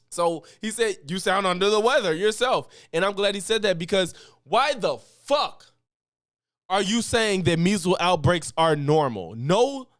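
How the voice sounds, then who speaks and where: A man streaming commentary on news clips, ranting in a profane, animated way and laughing between points. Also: sits high, no echo, studio quality.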